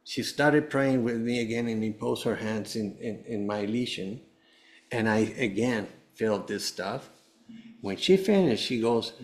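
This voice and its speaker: A man's voice: on the low side, lively intonation, measured pace. A man, a guest on a show, giving an earnest personal testimony in a meandering way, often restarting his sentences. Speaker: guest, cancer survivor. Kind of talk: personal testimony told to a host.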